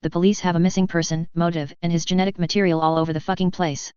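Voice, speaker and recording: A woman's voice: fairly low pitch, little pitch movement, fast talker, a little mellow, clean tone, dry recording, dull audio, natural voice. A woman voicing a sardonic female director. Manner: sardonic, cutting.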